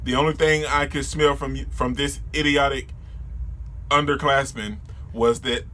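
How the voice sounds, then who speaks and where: A man's voice: mid-range voice, steady tone, unhurried, pushed and bright. A man reading as a stern young deer leader. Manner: plain read-aloud delivery.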